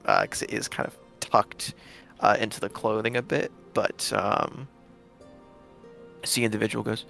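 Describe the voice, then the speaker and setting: Gravelly halting game master man. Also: lowish voice, fairly even intonation, sharp tone, soft background music. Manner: halting, full of fillers and self-corrections. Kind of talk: narrating a tabletop game.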